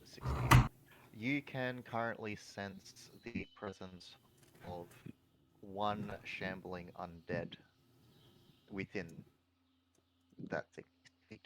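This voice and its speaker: A low-voiced man runs the tabletop game and talks in an unhurried way. He gives his rulings calmly and measures out each point. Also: a little hiss or hum, low-quality recording. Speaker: game master.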